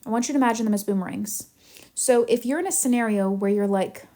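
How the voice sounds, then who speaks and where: A woman manifestation coach teaching in a live Q&A, animated and chatty as she tells stories. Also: a little high, fast talker.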